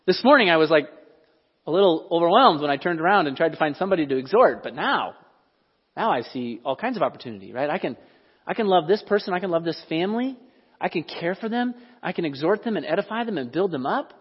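A man preaching a sermon in a church hall, conversational and animated, often asking the audience questions. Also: high voice, fairly quick, breathy edge. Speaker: pastor. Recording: dull, lo-fi recording in a reverberant hall.

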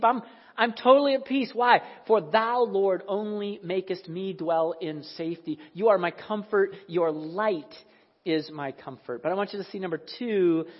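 High-voiced guy preaching in a church, kinda husky, lots of questions to the crowd, echoey muffled sound. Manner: conversational preaching with rhetorical questions. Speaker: pastor. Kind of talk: sermon. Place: church sanctuary. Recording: echoey hall, dull sound.

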